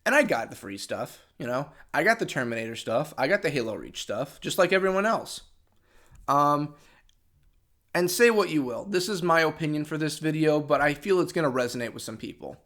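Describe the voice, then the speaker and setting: A gaming channel host rants in an unscripted vlog, frustrated and sarcastic, restarting often while losing his voice. His voice is on the high side, a bit bright, brisk and lively in intonation.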